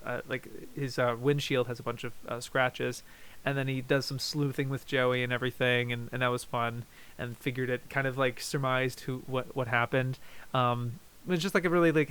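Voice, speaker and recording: A man's voice: medium pitch, a bit bright, smooth. A man hosting a casual review show, talking loosely with many fillers and restarts. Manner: rambling, lots of fillers and restarts. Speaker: host reviewing YouTube videos. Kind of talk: casual chat.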